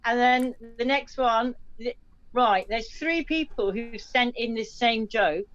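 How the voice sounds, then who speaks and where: A woman's voice: on the high side, slow pace, a bit bright. A woman hosting an online café show, chatting and reading listener jokes aloud with small slips. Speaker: host telling listener jokes. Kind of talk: casual chat, reading out jokes. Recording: dull dry lo-fi sound.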